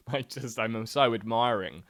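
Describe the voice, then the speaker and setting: A man's voice: medium pitch, a little slow, a bit bright. A man who makes YouTube videos, riffing in casual podcast banter and laughing often. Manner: laughing, riffing with mock-quoted voices.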